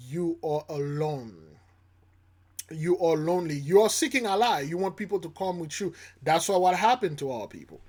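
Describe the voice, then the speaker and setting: A man hosting his own channel, giving preachy reaction commentary, emphatic and repetitive, swinging between loud and soft. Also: a little high. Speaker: channel host.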